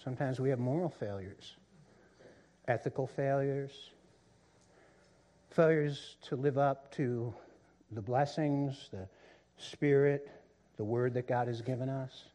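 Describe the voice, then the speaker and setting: A male pastor preaching a sermon, swinging between loud excitement and quiet low emphasis, often repeating words as he builds a point. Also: slow, long pauses.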